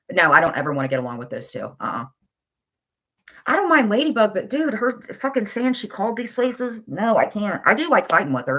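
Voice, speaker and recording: A woman's voice: deep voice, fairly bright tone. A middle-aged woman with a blunt, insulting, exasperated manner, ranting in casual chat on a livestream. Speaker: livestream commentator.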